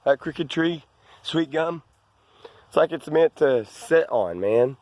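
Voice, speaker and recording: A man's voice: a little high, animated, slow, a little mellow, dry recording. Rambling man outdoors. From Arkansas. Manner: meandering, with many restarts and asides. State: out of breath. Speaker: landowner vlogger. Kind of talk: rambling outdoor walk-and-talk. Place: outdoors on rural land.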